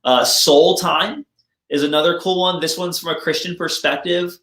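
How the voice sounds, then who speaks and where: A man's voice: fairly high pitch, fairly even intonation, normal speed, a bit bright. A man speaking as a chiropractor in a casual, friendly health presentation, explaining things plainly and joking about himself now and then. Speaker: chiropractor giving a health talk. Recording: roomy echo.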